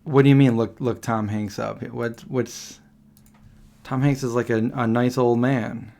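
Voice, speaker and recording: A man hosting a casual livestream, rambling and reacting to chat comments with quick questions. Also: medium pitch, fairly even intonation, vocal fry, warm tone. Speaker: livestream host answering chat.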